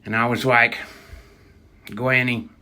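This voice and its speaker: A young man telling a crude comedic prank story in a rambling, deadpan way. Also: fairly high pitch, moderate pace.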